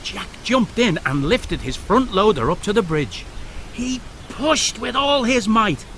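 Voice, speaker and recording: A man narrating a children's storybook aloud in an expressive, sing-song way. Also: sits high, unhurried, slight background noise.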